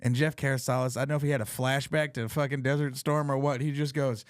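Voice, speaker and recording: A podcast host with a medium-pitched, clear, resonant voice talks fast in a flat delivery, recorded with studio quality and no room sound. In casual chat he tells a story, laughing often and swearing freely.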